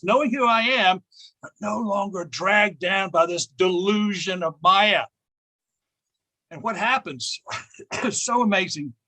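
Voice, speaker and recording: A man's voice: sits high, bright, forceful tone. A man in his seventies giving an emphatic spiritual talk to an audience, repeating phrases and laughing often as he tells a personal story. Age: 70s. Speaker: speaker addressing an audience.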